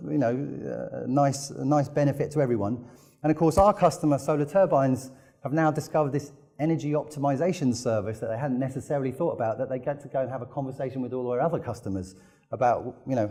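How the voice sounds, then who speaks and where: A man's voice: medium pitch, warm tone. A man from the United Kingdom giving a business presentation, telling enthusiastic stories with lots of "you know" fillers. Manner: enthusiastic storytelling with frequent fillers. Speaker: conference speaker.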